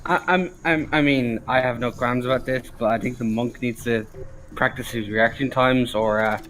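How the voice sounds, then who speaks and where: A man's voice: medium pitch, fairly even intonation, moderate pace, a bit bright, a little hiss or hum, low-quality recording. A man playing a tabletop game, hesitant and often restarting his phrases. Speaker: player.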